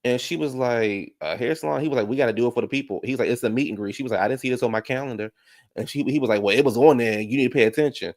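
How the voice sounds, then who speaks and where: A man hosting a casual YouTube show, recapping a reality TV episode and talking to his viewers in chat, jumping into animated high voices when he quotes people. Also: rapid-fire, hardly any pauses. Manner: talks back to viewers in chat. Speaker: YouTube reaction show host.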